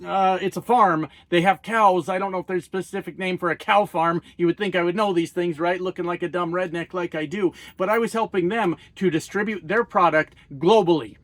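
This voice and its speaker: A man's voice: high-pitched, steady tone, brisk, hardly any pauses, fairly bright tone, no echo. A man and former truck driver, ranting about politics into his phone in a blunt, profane, sarcastic way. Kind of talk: profane political rant to camera.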